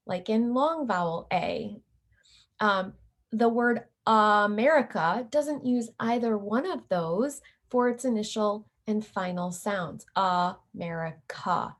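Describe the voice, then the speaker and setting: A middle-aged woman lecturing teacher candidates, explaining carefully and demonstrating letter sounds. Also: on the high side. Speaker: teacher educator. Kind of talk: recorded lecture.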